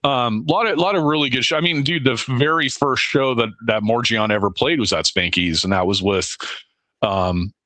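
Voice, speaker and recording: A man in his fifties co-hosting a casual podcast, speaking haltingly with lots of repeated words and casual swearing. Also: medium pitch, bright, forceful tone, no echo. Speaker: podcast co-host.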